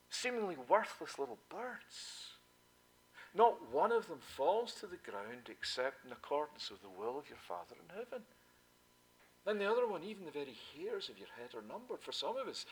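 A man delivers a sermon, sinking into hushed asides before climbing to loud, emphatic proclamations and repeating key points to drive them home. His voice sits a little high, and the recording quality is low.

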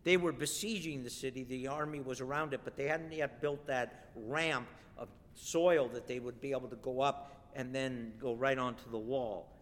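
A man preaching a sermon and reading scripture aloud, emphatic and rising to forceful declarations. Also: mid-range voice, fairly even intonation, moderate pace, few pauses, in a large hall, slight background noise.

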